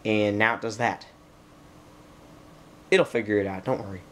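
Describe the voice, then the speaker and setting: This tech vlogger, a young man with a fairly low, slightly bright voice, narrates an unboxing at home at normal speed and a steady tone. He rambles and chats to himself and the computer, frustrated as it loads. Slight background noise is audible.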